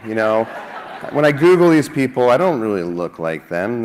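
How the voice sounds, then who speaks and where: A man's voice: medium pitch, measured pace, pauses often, slight background noise. Joking man giving a conference talk. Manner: joking, self-mocking, energetic. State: a little out of breath. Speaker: conference speaker. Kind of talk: lively conference talk with jokes. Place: conference hall.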